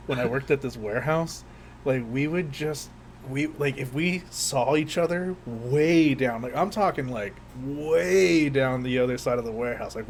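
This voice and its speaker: A man's voice: medium pitch, a little hiss or hum. A young man co-hosting a podcast, telling rambling, profane stories in casual chat and laughing often. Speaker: podcast co-host.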